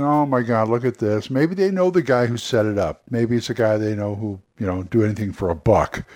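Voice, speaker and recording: A man hosting a solo podcast, brainstorming casually and rambling with frequent restarts and asides. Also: medium pitch. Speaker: podcast host.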